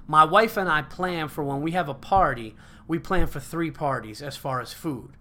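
A man hosts a podcast and tells a long story in loose, rambling speech full of swearing and fillers. His voice sits a little high for a man and has a bright, forceful edge. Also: normal speed. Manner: animated, profane, rambling with fillers. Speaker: podcast host. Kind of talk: casual storytelling chat.

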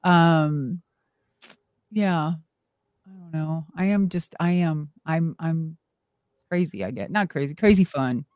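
A middle-aged woman, a former wrestler and monster truck driver, telling animated stories as a guest and swearing freely. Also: low-pitched, slow pace, long pauses, dry recording, dull audio. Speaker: interview guest. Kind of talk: casual storytelling.

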